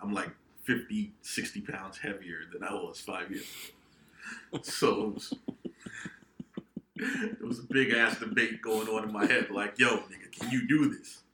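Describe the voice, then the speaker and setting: A young man co-hosting a podcast, telling a profane, animated story among friends. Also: fairly low pitch, normal speed, a little hiss or hum. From New England, United States. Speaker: podcast co-host. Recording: echoey room.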